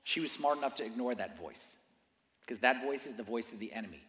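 A man preaching a sermon as a priest, moving from quiet conversational asides to loud, fervent declarations. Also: mid-range voice, animated, a little fast. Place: church. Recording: roomy church hall reverb.

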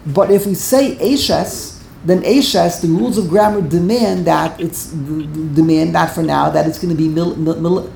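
A woman's voice: low voice, normal speed, gravelly, few pauses, mellow, a little hiss or hum. A woman teaching a Torah grammar class, emphatic and repeating words while she corrects pronunciation. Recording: echoey room.

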